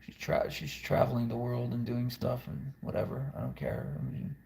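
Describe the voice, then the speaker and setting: A man with a gravelly, fry-edged voice at an ordinary middle pitch talks in a loose confessional ramble. He is blunt and profane and drifts from one thought to the next. It sounds like one long unscripted video monologue. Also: moderate pace, darkish tone. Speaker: musician vlogger.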